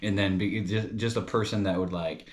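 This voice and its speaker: A man's voice: on the low side, steady tone, normal speed. A young man from New York chatting casually as a comedy reviewer, rambling and loose, calling people bro and dude.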